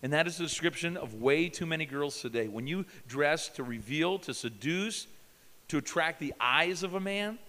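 A man preaching a sermon at a youth camp, emphatic, questioning his listeners and swinging from loud to hushed. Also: fairly high pitch, animated, normal speed. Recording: long hall reverb.

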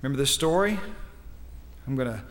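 A man preaching a sermon as pastor, reading scripture quietly and then building to emphatic, rising climaxes. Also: mid-range voice, lively intonation, brisk. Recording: long reverb of a large hall.

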